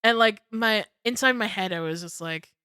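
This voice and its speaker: A young woman streamer telling a story in casual chat, excitable and swearing freely. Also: mid-range voice, moderate pace, clean tone, no echo, clean studio sound.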